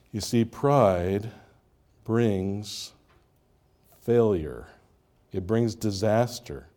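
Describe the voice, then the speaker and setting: Emphatic male pastor with a mellow voice. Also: mid-range voice. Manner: emphatic preaching with rising and falling intensity, rhetorical questions. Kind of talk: sermon.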